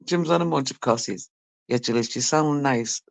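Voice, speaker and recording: A woman's voice: very deep voice, fairly quick, creaky, no echo. A woman livestreaming, casually chatting with her audience and reading comments, teasing viewers with laughter and the odd swear word. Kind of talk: casual chat with a live audience.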